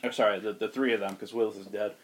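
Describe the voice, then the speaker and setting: A man casually pitching a story to a friend, loose and animated. He fills gaps with ums and likes and rolls on from one beat to the next. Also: fast talker. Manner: loose, animated retelling with laughs and fillers. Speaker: host pitching a movie story.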